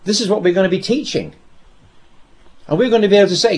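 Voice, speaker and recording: A man preaching a sermon, telling a scripture story with dramatic pauses and repeated phrases. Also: sits high, darkish tone.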